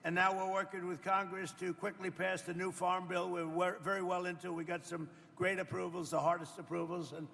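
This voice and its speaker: Older man in his seventies with a rather high voice and a gravelly edge, speaking off the cuff and rambling. His talk is boastful and repetitive, full of asides to the audience. The sound rings with the long reverb of a hall. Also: little pitch movement, a little fast, few pauses, fairly bright tone. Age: 70s. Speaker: politician speaking at a roundtable. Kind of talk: off-the-cuff public speech. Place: event room with people around a table.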